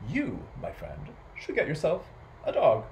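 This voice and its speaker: A man voicing a calm old village wise man who gives advice slowly and thoughtfully in a storybook read-aloud. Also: fairly high pitch, gravelly, slight background noise, voice pushed up, full character voice. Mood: advising. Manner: slow, hushed, thoughtful delivery.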